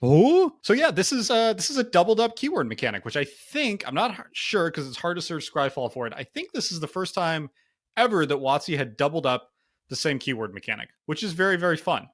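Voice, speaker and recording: A man's voice: fairly high pitch, sing-song, fairly quick, fairly bright tone. A man co-hosting a casual card game review podcast, thinking aloud with lots of fillers. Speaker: podcast co-host.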